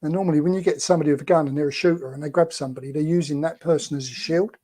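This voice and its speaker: A man's voice: a little high, fairly even intonation, racing, mellow. A man telling anecdotes as a guest, chatty and rambling with lots of fillers. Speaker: guest, former film extra.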